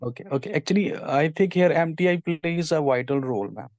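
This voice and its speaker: A man's voice: on the high side, a little fast, a little mellow, no echo. A man speaking up hesitantly and politely as a student in an online class. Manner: hesitant, polite, many fillers. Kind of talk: class participation.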